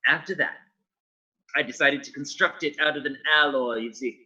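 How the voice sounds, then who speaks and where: A man at a tabletop game rambling through confident explanations. His voice is bright, husky and sounds distant, with dull sound. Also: mid-range voice, moderate pace. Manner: rambling, self-assured explaining. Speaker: player. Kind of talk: in-character play at a tabletop game.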